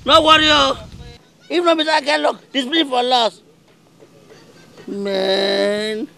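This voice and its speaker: A man with a Nigerian accent acting in a comedy film, loud, whiny and melodramatic, with light music behind him. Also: extremely high pitch, slow pace, gravelly. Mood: ranting. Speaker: comic lead actor. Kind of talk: Nollywood comedy acting in Pidgin.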